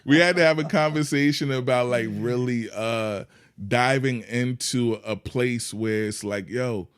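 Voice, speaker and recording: A man who is a guest on a podcast, talking in a calm, laid-back way that is full of "man" and "you know what I mean". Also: medium pitch, a little slow. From Yonkers, New York. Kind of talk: casual interview chat.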